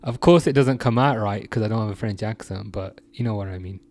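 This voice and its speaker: A man's voice: lowish voice, brisk, darkish tone, no echo. A man casually hosting a football livestream, reading viewer comments aloud and laughing often. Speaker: livestream host reading chat.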